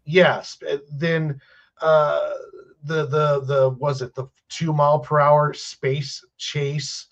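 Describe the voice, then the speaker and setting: A man's voice: a little high, little pitch movement, slow pace. A man chatting on a podcast, rambling and restarting his sentences with an exasperated tone. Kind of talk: casual chat. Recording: muffled lo-fi audio.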